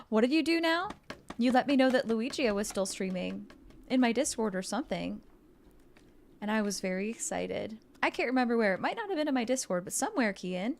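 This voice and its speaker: Bubbly high-voiced woman streamer. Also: slight background noise. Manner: bubbly and excitable, with gasps and giggles; playful, jokes and role-plays as a mermaid. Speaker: game streamer. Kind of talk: casual live-stream chat with viewers.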